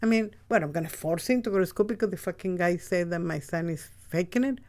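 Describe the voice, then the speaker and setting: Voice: mid-range voice, fast, a little mellow. A podcast host speaking in a casual, rambling monologue, blunt and often profane, with frequent restarts. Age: adult with a child.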